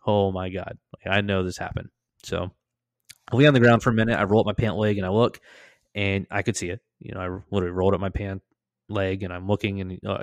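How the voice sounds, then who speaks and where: A man casually telling a story on a podcast, laughing, swearing and acting out loud shouted quotes. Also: clear, resonant tone, no room sound. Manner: animated, acts out quoted voices with loud high shouts.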